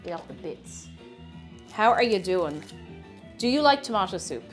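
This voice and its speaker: A woman's voice: mid-range voice, big pitch swings, normal speed, faint music behind. A woman chatting casually to viewers while cooking on a livestream, greeting them and laughing at herself. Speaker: streamer.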